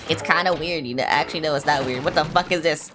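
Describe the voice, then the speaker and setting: A young woman with a deep voice streams a video game, chatting casually and fast with her viewers and a friend. She's blunt, swears often, and pokes fun at herself, all over a noisy background.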